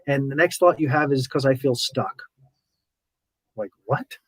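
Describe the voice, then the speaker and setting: This podcast host's voice sits mid-range at a moderate pace, heard in a low-quality recording without room sound. Chatting casually and animatedly about spiritual matters, he acts out his inner voice and leans on repeated words for emphasis.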